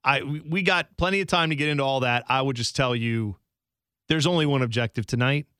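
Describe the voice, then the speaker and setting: A man's voice: mid-range voice, brisk, clean tone, no room sound, studio quality. A man co-hosting a sports radio show, chatting casually and telling stories with little impressions. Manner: lively, animated storytelling with impressions. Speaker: radio co-host.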